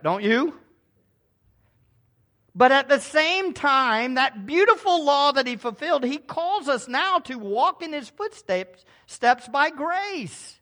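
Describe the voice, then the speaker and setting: A man preaching in a high, bright voice that leaps up and down in pitch. He takes his time, drops to hushed asides, then rises to loud, emphatic declarations. He calls out to his congregation for answers. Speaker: pastor. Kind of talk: sermon.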